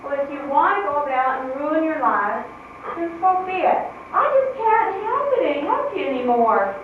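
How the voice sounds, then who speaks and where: A weary aunt near tears, as a woman plays her on stage, speaking in a high, tired, pleading voice. The sound comes from far off in a big echoey hall, with a thin, phone-like tone. A hiss of noise sits underneath. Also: big pitch swings, moderate pace. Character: weary, guilt-ridden aunt raising a nephew. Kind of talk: amateur stage play. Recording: distant, echoey, tinny stage recording with noise.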